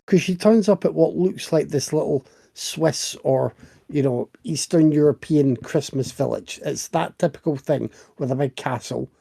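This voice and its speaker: A man's voice: a little high, unhurried, creaky, dark tone, slightly rough. A middle-aged man co-hosting a podcast, telling stories in a wry, chatty way. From Britain. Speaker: podcast co-host. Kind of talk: casual chat.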